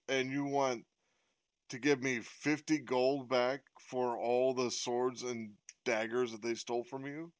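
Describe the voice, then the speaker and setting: A man's voice: medium pitch, level tone, a little slow. A man playing a tabletop game, speaking in character, bargaining hard with a wry, swearing manner. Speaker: player.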